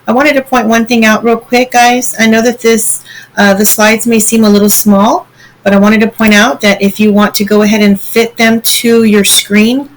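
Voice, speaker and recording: A woman's voice: mid-range voice, poor audio. A woman teacher walking students through slides in a recorded online lesson, patient and step by step, often checking in with "okay?".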